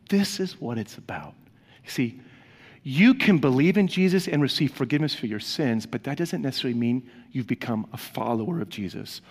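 Earnest male pastor preaching in a reverberant hall. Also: medium pitch. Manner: earnest, conversational preaching, addresses the congregation directly. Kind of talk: sermon. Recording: long reverb of a large hall.

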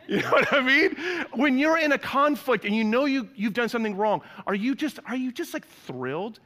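Lively, animated male preacher. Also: very high voice, normal speed, in a large hall. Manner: animated storytelling with playful voices for quoted people. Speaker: pastor. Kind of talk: sermon.

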